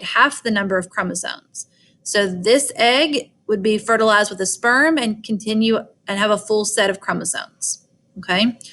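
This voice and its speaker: A woman's voice: mid-range voice, a bit bright. A woman with a Southern US accent giving a recorded biology lecture. She explains step by step in a chatty way and often checks in with "all right" and "okay.". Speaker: teacher.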